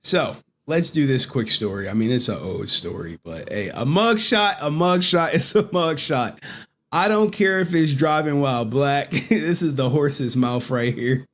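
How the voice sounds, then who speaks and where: A man's voice: fairly high pitch, lively intonation, unhurried, a bit bright. A man hosting a stream, giving casual, rambling commentary and repeatedly breaking into giggles. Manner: giggly, breaks into frequent laughter; loose, rambling, repeats himself. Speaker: streamer host.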